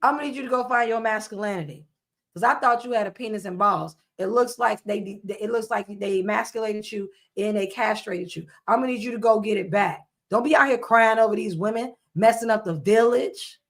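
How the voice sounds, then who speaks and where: A woman's voice: medium pitch, brisk. A woman giving casual reaction commentary, blunt and scolding, repeating her points with emphasis.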